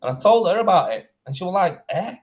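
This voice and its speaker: Young tradesman host, fairly high voice, rambling, sweary, indignant casual chat. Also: sing-song, fast. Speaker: plasterer and livestream host. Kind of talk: casual live-stream chat.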